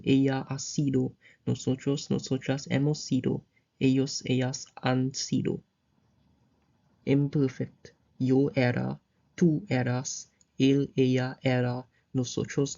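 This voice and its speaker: Brief: male tutor, mellow dark voice, loose rambling explanations, lo-fi dull recording. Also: medium pitch. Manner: loose, repetitive explaining with fillers. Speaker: Spanish tutor. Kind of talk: casual recorded grammar lesson over slides.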